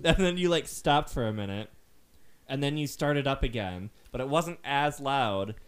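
A man's voice: mid-range voice, animated, normal speed, smooth. A young man animatedly retelling a chaotic night to friends, laughing as he goes. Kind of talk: casual chat.

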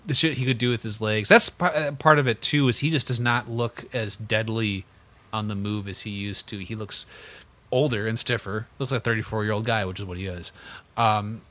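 A man's voice: fairly low pitch, steady tone, normal speed, fairly bright tone. A young man co-hosting a casual sports podcast, rambling and restarting his sentences, swearing freely. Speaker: podcast co-host.

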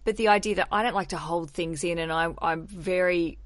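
A woman's voice: fairly low pitch, steady tone, a little fast, dry recording. Chatty candid woman podcast host. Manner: chatty, candid, swears casually. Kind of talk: casual podcast chat.

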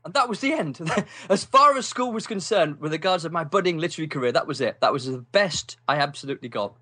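An English man, a writer and podcast guest, telling wry stories from his youth in a relaxed interview, with lots of ums. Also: on the high side, fast. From England. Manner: animated, wry storyteller with many ums and laughs. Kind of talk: casual storytelling interview.

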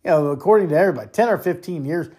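A host from the United States launches into an angry political monologue, swearing freely and hammering each point. The talk runs hot, with stumbles and repeated words as the speaker gets worked up. The pitch sits in a middle register. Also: expressive, racing, warm tone. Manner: angry, profane, heated ranting. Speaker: podcast host.

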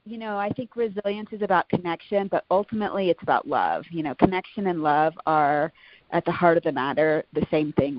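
A woman's voice: sits low, dry recording, muffled recording. A woman in her thirties, a podcast guest, talking in a heartfelt, chatty way with many "you know"s. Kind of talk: casual interview chat.

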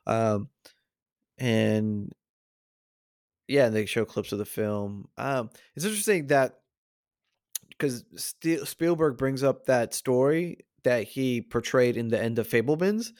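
A man with a gravelly edge to his voice talks through films in a loose, rambling podcast chat. The sound is dry and close, and his pitch sits right in the middle. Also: slow, a little mellow, no room sound. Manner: acts out movie quotes in shifting voices, rambling with fillers. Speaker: podcast co-host. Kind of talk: casual chat about movies.

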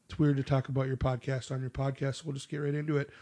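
A man's voice: medium pitch, little pitch movement, fast talker, mellow, dry recording. A man hosting a podcast, chatting casually and teasing his guest, joking and swearing freely. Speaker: podcast host. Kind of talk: casual profane banter.

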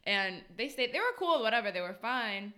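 Bright, laughing woman bartender. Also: fairly high pitch, big pitch swings, fairly quick. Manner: laughing storyteller, swears freely. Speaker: podcast co-host, bartender. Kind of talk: casual chat.

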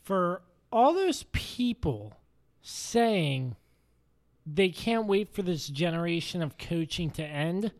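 A woman's voice: fairly low pitch, sing-song, slow, darkish tone. A woman co-hosting a sports podcast, opinionated and fond of rhetorical questions. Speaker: co-host. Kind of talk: casual sports chat.

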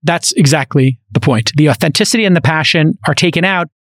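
Fast-talking, animated male podcast host. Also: a little high, dry recording, studio quality. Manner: animated storyteller, quick asides and restarts. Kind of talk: casual podcast conversation. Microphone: studio microphone.

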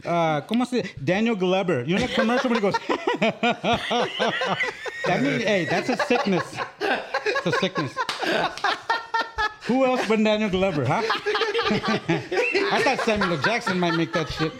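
A man's voice: high-pitched, sing-song, a little slow, heavy background noise. A man guesting on a podcast, telling stories with lots of laughter, cursing and mixing in bits of Spanish. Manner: laughing, profane, mixes in Spanish phrases. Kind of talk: casual chat, storytelling.

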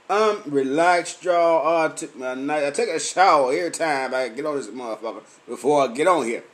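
An animated man talking at normal speed hosts a late-night live chat from his house after a few drinks. Known for his podcast and Facebook live shows, he rambles with plenty of cursing, loose and loud, shifting from low mumbling to sudden outbursts.

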